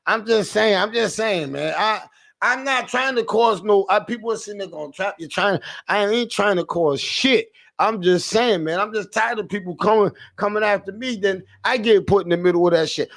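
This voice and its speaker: A man hosting a livestream, ranting in a casual, animated way, repeating himself and mimicking callers. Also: sits high, normal speed, vocal fry. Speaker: livestream host.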